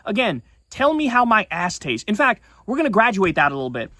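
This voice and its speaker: Indignant, foul-mouthed streamer, mid-pitched, on a dry close desk mic. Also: sing-song, sharp tone, dry recording. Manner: profane, indignant, fast-talking. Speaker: streamer and political commentator. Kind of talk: casual livestream rant.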